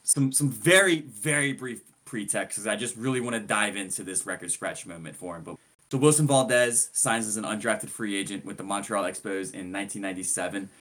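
A man's voice: on the low side, fairly quick, a bit bright. A man co-hosting a podcast, giving an enthusiastic, rambling recap of a player's career. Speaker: podcast co-host. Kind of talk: casual sports podcast chat.

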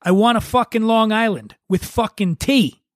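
A man reading aloud gives voice to a drunk, belligerent bar patron who barks curses and insults. His voice jumps high and loud as he yells, raw and hostile. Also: moderate pace, no room sound, studio quality, natural voice. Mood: angry. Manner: shouting, cursing, insulting.

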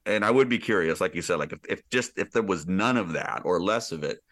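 A man's voice: low-pitched, animated, brisk, a bit bright. A man co-hosting a podcast in casual chat, rambling with frequent restarts and laughs. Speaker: podcast co-host.

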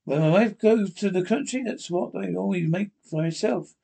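A man's voice: high-pitched, normal speed, vocal fry, mellow, breathy edge, exaggerated voice. A man voicing a nosy, folksy butcher. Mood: teasing. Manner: broken English, folksy exclamations.

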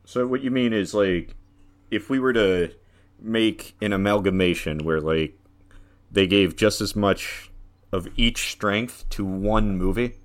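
A man co-hosting a casual film podcast, making measured remarks and agreeing with short replies. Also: fairly low pitch. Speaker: podcast co-host.

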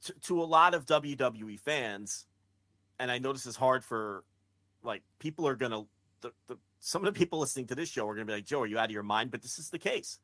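A man co-hosting a wrestling podcast in casual, blunt chat, swearing freely and getting animated when he mocks excited fans. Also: medium pitch, fairly quick, dry recording. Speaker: podcast co-host.

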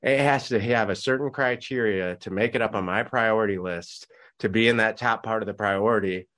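A man's voice: lowish voice, fairly quick, fairly bright tone. A man hosting a podcast interview, talking in a rambling way with many restarts. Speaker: podcast host. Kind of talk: casual interview chat.

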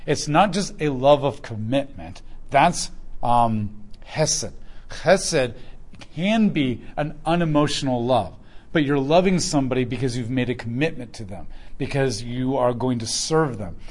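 A man in his thirties reading scripture aloud and explaining it in a relaxed, conversational way. He reads the verses slowly and speeds up when he explains them. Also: medium pitch. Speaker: Bible teacher.

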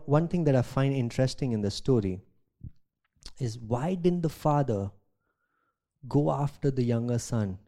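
A man, a pastor, preaching a sermon, reading scripture aloud and asking rhetorical questions, swinging from loud emphasis to quiet asides. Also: on the low side. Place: church.

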